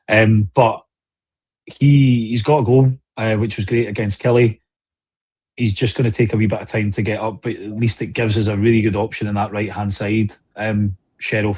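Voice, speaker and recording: A man hosting a casual football podcast, measured and passing the talk to co-hosts by name. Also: on the low side, darkish tone. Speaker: podcast host.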